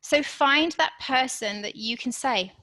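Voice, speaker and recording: Her voice sits high and sounds bright and forceful, and she speaks a little slowly. Presenting a live online workshop over poor audio, she encourages her listeners and keeps asking "okay?" as she talks straight to them.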